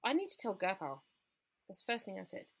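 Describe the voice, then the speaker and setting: Woman with a gravelly voice. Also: mid-range voice, very animated, brisk. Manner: candid, recounting events with quoted dialogue. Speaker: guest. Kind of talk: personal story in a podcast interview.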